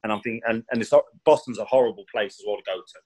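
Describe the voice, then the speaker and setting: A former pro footballer, guesting on a podcast, rambles through his career stories in a chatty way, forever saying "do you know what I mean" and raising his voice to act out quotes. His voice is low-ish, steady, very fast, slightly mellow and husky. The audio quality is poor.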